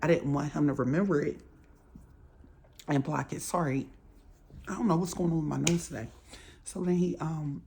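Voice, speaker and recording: A woman's voice: low voice, normal speed, vocal fry, pauses often, dark tone, a little hiss or hum. A woman in casual storytime vlog style, animatedly acting out both sides of an argument. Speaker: storytime vlogger.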